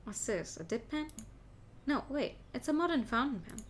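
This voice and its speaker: A woman's voice: fairly high pitch, sing-song, normal speed, slight background noise. A woman voicing a flustered young male lawyer in a game, speaking anxiously. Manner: anxious, panicky.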